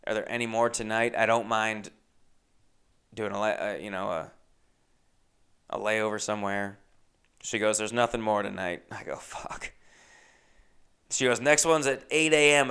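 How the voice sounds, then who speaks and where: A young man hosting a podcast, telling a casual story with lively asides, acting out other people's lines and swearing freely. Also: fairly low pitch, clean tone. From Los Angeles. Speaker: podcast host.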